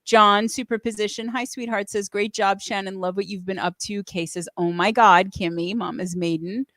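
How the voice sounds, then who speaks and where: A woman's voice: mid-range voice, fairly even intonation, normal speed, a bit bright, no room sound, studio quality. A middle-aged woman hosting a casual livestream, gushing emotionally and reading chat messages aloud. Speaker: host.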